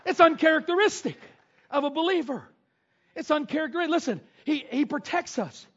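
A male pastor preaching a sermon, swinging from loud shouted bursts and whoops to quieter teaching. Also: very high-pitched, animated, a little fast. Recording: dull lo-fi sound.

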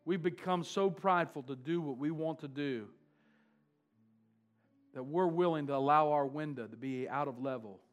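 A man's voice: fairly high pitch, moderate pace, lo-fi sound, soft background music. A man preaching a sermon, driving points home by repeating key words. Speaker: pastor.

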